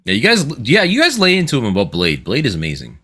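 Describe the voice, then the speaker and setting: A man's voice: mid-range voice, wildly swooping pitch, fast talker, pushed and bright, breathy edge. A man co-hosting a casual livestream, giving dry, grumbling reactions and short stories. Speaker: podcast co-host.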